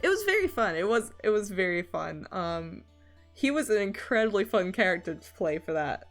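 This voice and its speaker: A woman's voice: on the low side, moderate pace, faint music behind. A young woman from Scotland who streams, chatting casually while she draws and laughing often between sentences.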